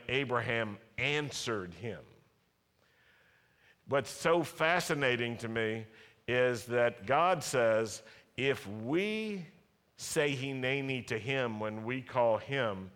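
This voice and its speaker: A man's voice: medium pitch, fairly bright tone. Earnest male preacher in a reverberant hall. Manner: earnest, emphatic preaching with repetition. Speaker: pastor. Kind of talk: sermon.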